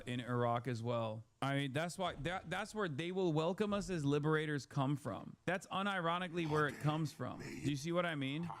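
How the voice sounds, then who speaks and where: Male streamer host, a bit high-pitched, sarcastic rambling commentary, loose and casual.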